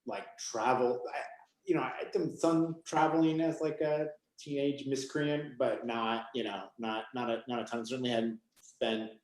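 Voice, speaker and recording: A man's voice: mid-range voice, fairly even intonation, normal speed, roomy sound, rough recording. A man from Maine, an author guest, speaking in a rambling, casual way full of "you know" and "like" on a video call. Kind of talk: casual conversation.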